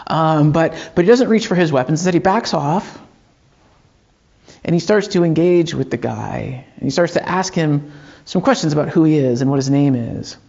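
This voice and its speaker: A man's voice: a little high, expressive, moderate pace, creaky, darkish tone, lo-fi sound. A man preaching a sermon as pastor, telling a story in a loose conversational way with frequent fillers and restarts.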